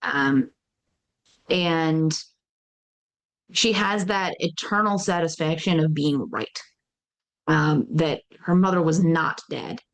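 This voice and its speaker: A woman playing a tabletop horror game, describing her character's end in a slow, thoughtful, reflective way. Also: deep voice. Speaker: player.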